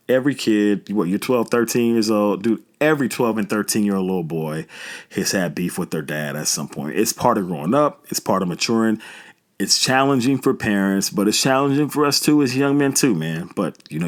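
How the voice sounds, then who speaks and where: A man in his thirties tells a story on his podcast in a loose, easygoing, slangy way. His voice sits a little low. He rambles comfortably, like he is talking to friends. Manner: relaxed, chatty, slangy storyteller. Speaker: podcast host. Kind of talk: casual storytelling.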